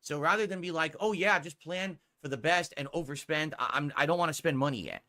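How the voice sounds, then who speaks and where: A man's voice: fairly high pitch, lively intonation, fairly quick, bright, forceful tone. A male streamer talking to his viewers, rambling and hedging, pleading for support.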